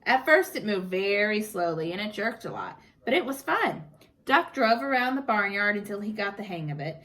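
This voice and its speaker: Animated woman reading a picture book. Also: mid-range voice, moderate pace. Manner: animated, expressive. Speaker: teacher.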